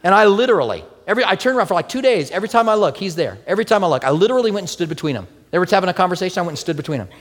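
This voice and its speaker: A man preaching a sermon as pastor, telling personal stories with lively, animated delivery and acting out quoted prayers in a soft voice. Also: high-pitched, very fast, few pauses, big-room sound. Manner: animated storytelling, acts out quoted prayers softly.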